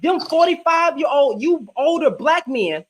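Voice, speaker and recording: A man's voice: very high voice, lively intonation, unhurried. A young man hosting a heated live debate, ranting fiercely and cursing freely. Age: young adult. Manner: fiery, profane, ranting.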